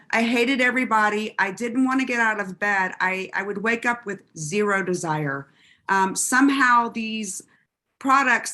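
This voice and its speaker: A woman, telling her story on a group call in a sassy, animated, self-mocking way. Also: fairly high pitch. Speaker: guest sharing testimony. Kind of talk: lively call testimony.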